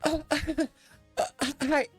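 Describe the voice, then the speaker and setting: A man's voice: flat delivery, very slow, soft background music, exaggerated voice. A man voicing a small, fussy female professor who asks nervous questions in a tabletop game. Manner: high, exclaiming, nervous questions.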